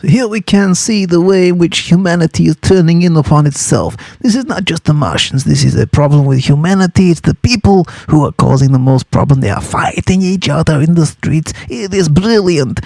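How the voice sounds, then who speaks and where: In a loose, chatty, playful study-guide explanation, a man teaches students about a novel and drives home the points they should write down. His gravelly, mellow voice sits a bit high for a man and runs a little fast with hardly any pauses. The recording is dry and close, with no room sound.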